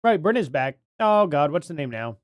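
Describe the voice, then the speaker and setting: A man's voice: fairly high pitch, big pitch swings, normal speed, no room sound. A man hosting a casual live stream, rambling and thinking aloud as he reads names from chat.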